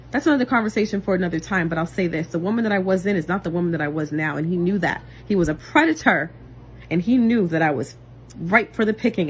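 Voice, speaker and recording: A young adult woman giving an emotional personal testimony to camera, earnest and intense, swinging between loud outbursts and quiet low passages. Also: dull audio, a little hiss or hum. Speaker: vlogger and single mother.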